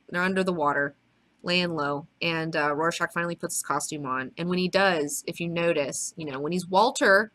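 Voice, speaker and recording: Bright-voiced woman gushing about comics. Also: on the low side. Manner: excited, profane, rambling with many fillers. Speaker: comic book video host. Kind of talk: casual recap and discussion.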